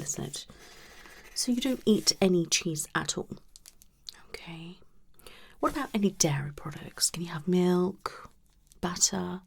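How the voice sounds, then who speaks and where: Whispered role-play: woman as a tactless, flirty psychologist, low and gravelly, unhurried. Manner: soft whispering, blunt tactless remarks. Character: unprofessional female psychologist, blunt and flirty. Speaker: ASMR creator.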